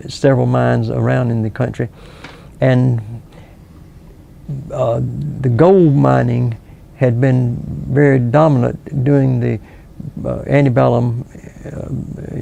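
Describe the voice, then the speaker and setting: Gravelly older man, halting. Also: mid-range voice, mellow. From South Carolina. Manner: slow, halting, many pauses and restarts. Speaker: local author and historian. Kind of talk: relaxed interview answers.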